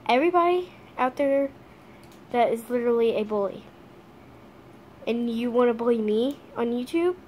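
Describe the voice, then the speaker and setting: A teenage girl vlogging casually from her home kitchen, talking earnestly with halting restarts. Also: fairly high pitch, a little mellow, slight background noise.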